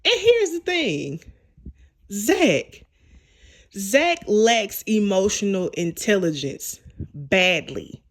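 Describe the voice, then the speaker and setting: A woman in her young adult years talks through a TV episode in an unhurried, casual way. She retells each scene and slips into the characters' lines as she goes. Her voice sits at an ordinary pitch. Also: very animated. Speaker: TV show reviewer.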